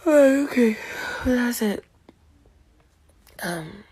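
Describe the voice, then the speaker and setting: A woman's voice: on the high side, lively intonation, extremely slow, a little mellow, breathy edge. A tired woman chatting to her camera in a sleepy, half-whispered voice, talking to herself about her schedule. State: sleepy, yawning. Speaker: vlogger. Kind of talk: casual chat to camera.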